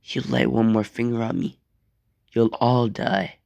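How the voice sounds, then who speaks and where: Man doing a dark vengeful teen boy, cold and threatening, slow gravelly voice, dry sound. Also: mid-range voice, dry recording. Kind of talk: fan story voice acting.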